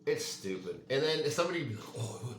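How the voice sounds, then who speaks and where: A man's voice: on the high side, very animated, fast, echoey room, slight background noise. A man ranting casually and heatedly to the camera, swearing and saying "dude" and "like" often. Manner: heated, profane, says "dude" and "like" a lot. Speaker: fitness vlogger.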